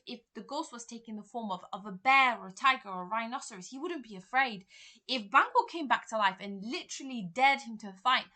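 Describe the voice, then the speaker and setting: A woman's voice: a little high, sharp tone. A woman teacher and examiner, explaining a play in a revision lesson and paraphrasing quotes in plain words.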